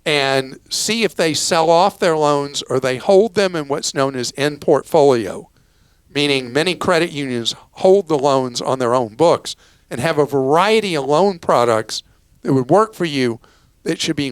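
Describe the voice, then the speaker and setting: A man's voice: fairly high pitch, lively intonation, unhurried, clean tone, no room sound. A man hosting a call-in consumer advice show, explaining money matters in a plain-spoken, casual way with offhand asides. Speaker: radio show host.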